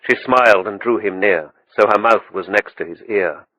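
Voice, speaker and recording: Low-voiced male audiobook narrator. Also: dry recording. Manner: steady, measured reading. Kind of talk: scripted narration. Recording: dull, dry audiobook recording.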